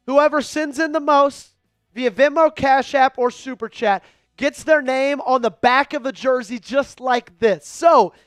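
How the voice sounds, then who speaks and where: High pitched dude hosting a fan stream, hyping donors n calling plays, dry mic, music low. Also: male voice, smooth, no room sound. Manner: hypes donors and raffle, calls the game. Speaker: livestream host. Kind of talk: casual live stream chat and play-by-play.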